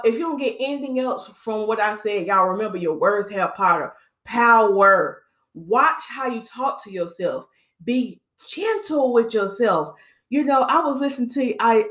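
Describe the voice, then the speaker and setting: In an echoey room, a woman with a slightly high voice hosts a podcast, giving a casual motivational talk. She tells it in an animated storytelling way and calls her listeners "y'all."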